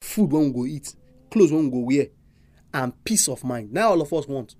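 A preacher with a Nigerian accent gives a sermon packed with animated, emphatic rhetorical questions. His pitch is medium, his speed normal, and there is no echo.

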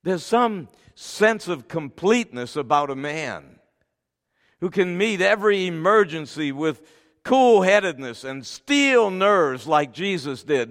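A man preaching a sermon, reading scripture forcefully and then dropping to soft, tender asides. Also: a little high, animated, slow pace. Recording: long hall reverb.

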